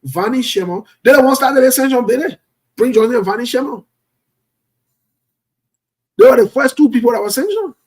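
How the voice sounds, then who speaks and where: Man, husky high voice, forceful, indignant, repeats himself, call-in talk. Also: lively intonation, brisk, pauses often.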